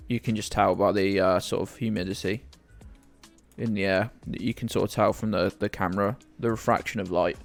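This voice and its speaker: A man's voice: on the low side, steady tone, moderate pace, gravelly, soft background music. A man from the UK chatting casually and rambling to viewers while streaming a game, often joking at his own expense. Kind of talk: casual live-stream commentary.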